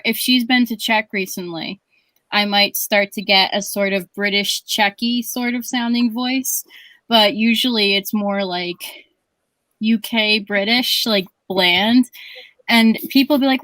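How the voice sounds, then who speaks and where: A woman co-hosting a casual chat stream, telling stories in an animated way with frequent laughs. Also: medium pitch, no room sound. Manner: animated storyteller, laughs often. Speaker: co-host.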